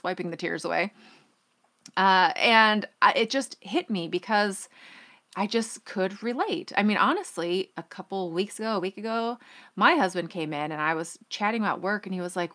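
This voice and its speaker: A woman hosting her own business podcast, telling a personal story in a chatty, animated way and acting out the quotes. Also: mid-range voice, moderate pace. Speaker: podcast host.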